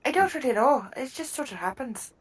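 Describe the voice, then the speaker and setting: Animated woman playing a tabletop game. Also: high voice, fairly quick, slightly rough. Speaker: player. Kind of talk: casual tabletop game chat.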